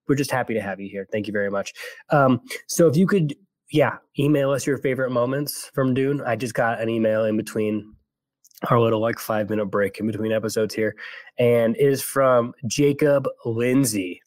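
A young man from California with a General American accent, co-hosting a casual podcast and rambling with quick restarts. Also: mid-range voice, darkish tone, dry recording. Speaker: podcast co-host.

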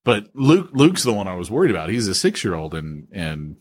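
A man co-hosting a podcast in casual chat, emphatic and animated, often saying "dude". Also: lowish voice, a little fast, breathy edge. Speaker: podcast co-host.

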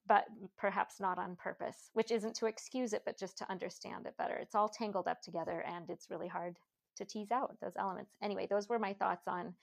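A woman's voice: medium pitch, steady tone, brisk, gravelly. A woman in a casual book discussion, talking thoughtfully with many fillers and restarts.

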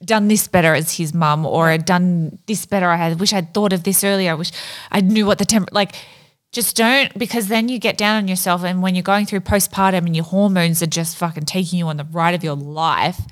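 A woman co-hosting a podcast in casual chat, relaxed and frank when she gives advice. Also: fairly low pitch, brisk, few pauses. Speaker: podcast co-host.

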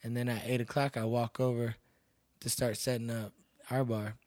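A man's voice: medium pitch, normal speed, no room sound, studio quality. A man from Texas, an MMA fighter who works as a bouncer, telling stories casually and acting out what people said. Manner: animated, acts out quoted lines loudly. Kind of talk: casual storytelling.

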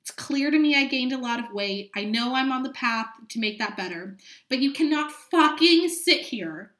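A woman's voice: high voice, lively intonation, normal speed, fairly bright tone, roomy sound. A woman in her late twenties hosting a solo podcast, speaking frankly and with lots of swearing as she vents with dramatic asides. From California. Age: late 20s. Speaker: podcast host. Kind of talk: candid solo podcast monologue.

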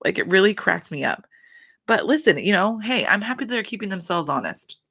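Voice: medium pitch, big pitch swings, fairly quick, creaky, sharp tone. A reality TV recap host talking in a casual, chatty, profane way, full of fillers.

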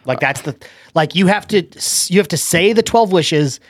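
A man's voice: high voice, animated, normal speed, no room sound. A man producing and co-hosting a podcast, chatting casually with dry, sarcastic quips. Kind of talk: casual chat.

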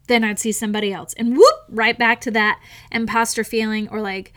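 A woman hosting a solo podcast, reflecting in a chatty, animated way and acting out the dialogue she quotes. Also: fairly high pitch, fairly quick. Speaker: podcast host, instructional coach.

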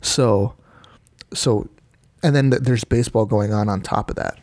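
A man's voice: lowish voice, a little slow, darkish tone, dry recording. A man co-hosting a casual podcast, rambling with lots of "you know" and "like". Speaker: podcast co-host. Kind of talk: casual chat.

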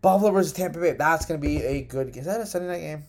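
Young male podcast host, mellow tone, rambling and profane, self-correcting, uneven home recording. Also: fairly high pitch, racing. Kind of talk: casual solo sports podcast.

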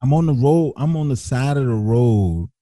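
A man's voice: expressive, normal speed, dark tone, dry recording. A man, a teacher, recounting a personal story as an interview guest. He acts out other people's lines and restarts often as he talks. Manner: acts out others' lines with big pitch jumps, frequent restarts and slang. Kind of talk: animated storytelling.

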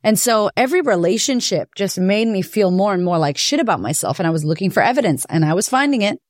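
A woman hosting a podcast, telling her own story in a candid, profane, animated way. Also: mid-range voice, fast, no echo, clean studio sound. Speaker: podcast host. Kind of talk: personal confessional monologue.

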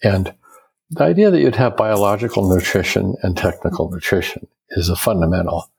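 Speaking fairly quickly in a low voice with vocal fry and a slightly rough quality, an older American architect is heard on poor audio. His conversational interview is reflective, mixing stories and explanations with lively impressions of people he quotes.

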